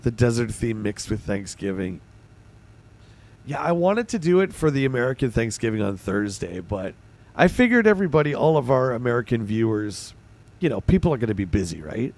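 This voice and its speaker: A man's voice: medium pitch, very animated, brisk, darkish tone. A man from Canada with a Canadian accent, hosting a livestream and chatting casually while reading and answering his chat. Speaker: streamer host.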